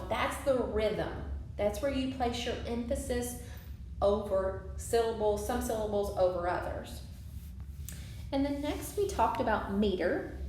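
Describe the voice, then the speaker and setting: Slow, echoey woman teacher. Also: fairly high pitch, a little hiss or hum. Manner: slow, clear teaching with stressed syllables. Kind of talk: recorded classroom lesson. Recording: echoey room.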